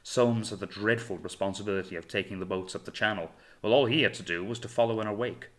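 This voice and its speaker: Man, audiobook narrator, lowish voice, measured dramatic reading. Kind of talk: scripted narration.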